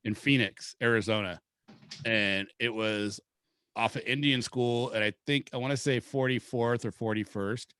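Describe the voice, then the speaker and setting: A man's voice: medium pitch, fairly even intonation, normal speed, pushed and bright, clean tone, dry recording, clean studio sound. Laid-back man telling a rambling story. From Seattle, Washington. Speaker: podcast host. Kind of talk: casual storytelling chat.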